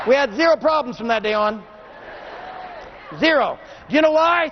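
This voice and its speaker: High-voiced man preaching call-and-response. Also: lively intonation, moderate pace, pauses often, long reverb tail, background noise. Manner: call-and-response, demands the crowd answer; swings between shouting and hushed intensity. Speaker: motivational speaker. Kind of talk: motivational speech to a live audience. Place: large room with an audience. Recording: dull lo-fi recording.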